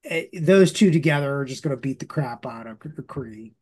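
A man's voice: mid-range voice, lively intonation, moderate pace, a little mellow, husky. A man hosting a podcast, casually recapping a comic book story with lots of fillers and restarts. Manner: rambling, many fillers and restarts. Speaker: podcast host.

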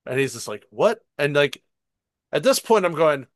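A man in casual podcast chat, retelling a show in an animated way and swearing freely. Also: on the high side, normal speed, dry recording. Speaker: podcast co-host.

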